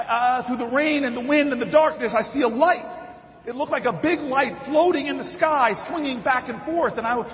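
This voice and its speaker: A man giving a rousing political convention speech, telling a story and building to shouted rallying calls. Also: very high voice, slight background noise. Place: large convention hall with a crowd. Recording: echoey hall, dull sound, crowd behind.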